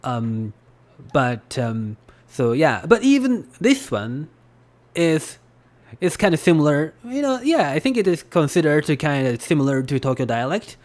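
A man's voice: a little high, big pitch swings, measured pace, a little mellow. A Japanese man with a Japanese accent hosting a podcast, talking in a loose, rambling way with lots of fillers. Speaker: podcast host. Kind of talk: casual podcast talk.

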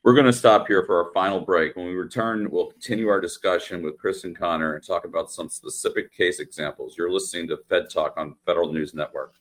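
A very low-pitched man hosts a talk radio show. He speaks in a relaxed, conversational way, with plenty of fillers as he steers the discussion. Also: a little fast, hardly any pauses.

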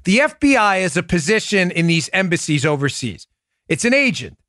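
A man's voice: high-pitched, big pitch swings, fairly quick, fairly bright tone, no echo, studio quality. A man hosting a political podcast, delivering heated commentary in a combative, incredulous way. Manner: combative, incredulous, rising to indignant outbursts.

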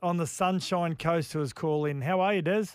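A man's voice: a little high, fairly quick, smooth, no echo. A man hosting a sports radio show in a studio, upbeat and chatty as he takes calls. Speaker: radio host. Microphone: studio mic.

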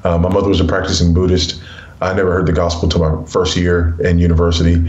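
A middle-aged man from Los Angeles, a guest author telling stories in an earnest, animated way during an interview. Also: low-pitched, fast talker, muffled recording. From South Central Los Angeles, USA. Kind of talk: interview storytelling. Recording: roomy echo.

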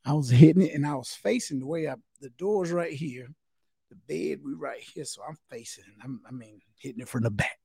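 A man's voice: medium pitch, brisk, vocal fry, mellow. A middle-aged man co-hosting a podcast, telling crude stories in drawling slang while sick. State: sick, recovering. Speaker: podcast co-host. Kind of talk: casual chat.

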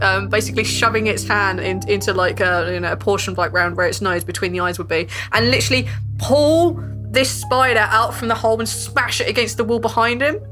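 A woman's voice: a little high, pushed and bright. A woman narrating as game master of a tabletop game, rambling with many fillers and restarts.

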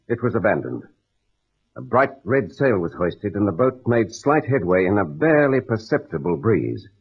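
A male narrator tells the story in a measured, grave manner. His voice is low and husky, with lively swings of pitch. The vintage broadcast sounds dull and muffled. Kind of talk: scripted radio drama narration. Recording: dull old radio broadcast.

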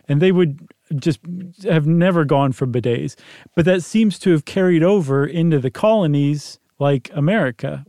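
A man co-hosts a casual podcast. His voice is rather high but warm and dark. He explains things in a playful, wry, rambling way, and the sound is dry and close. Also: dry recording. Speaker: podcast co-host. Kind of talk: casual chat.

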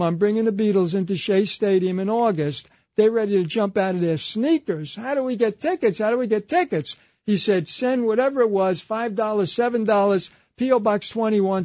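A man with a high-pitched voice spins a long anecdote in an interview, passing it along through a string of quoted exchanges. His voice sounds dry and close, with no room around it. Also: mellow, dry recording. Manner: retells a story through a chain of quoted dialogue, repeating "he said". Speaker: interview guest. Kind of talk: conversational storytelling anecdote.

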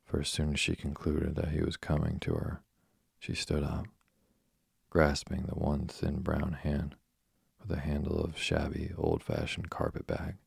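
Very deep gravelly male narrator. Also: a little mellow, dry recording, studio quality. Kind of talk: audiobook reading of a novel.

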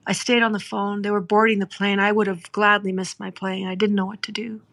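A woman's voice: mid-range voice, flat delivery, brisk, creaky, fairly bright tone. A woman podcast host telling an emotional story in a heartfelt, conversational way, acting out the dialogue as she goes.

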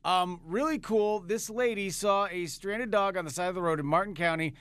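A man's voice: high-pitched, moderate pace, fairly bright tone, smooth, no echo. A man co-hosting a radio morning show, teasing and playful in joking banter from the studio. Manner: playful, teasing, mock-innocent.

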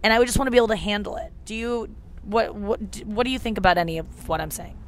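A woman's voice: mid-range voice, fast, a little hiss or hum. A young woman hosting a podcast in casual chat, rambling and cutting herself off as she talks. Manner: chatty, rambling, self-interrupting. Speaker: podcast host.

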